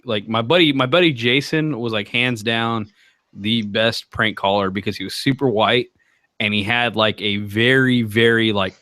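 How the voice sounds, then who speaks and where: A man on a casual podcast, telling prank-call stories with lots of laughter and quick impressions. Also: mid-range voice, no room sound. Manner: laughing storyteller, animated impressions. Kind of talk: casual chat, storytelling.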